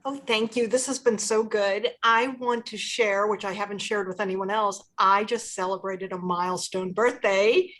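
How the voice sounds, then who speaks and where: A woman of sixty speaking candidly in a casual video-call discussion, self-deprecating and quick to laugh. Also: medium pitch, fairly even intonation, fairly bright tone. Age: 60s. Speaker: panel participant, finance expert.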